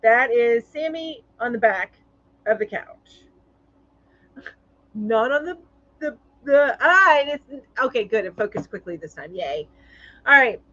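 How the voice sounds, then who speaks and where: A woman's voice: a little high, lively intonation, unhurried, pauses often, sharp tone, dry recording, highs cut off. A woman hosting a casual live-stream chat, reading viewer comments aloud in a chatty way with lots of fillers.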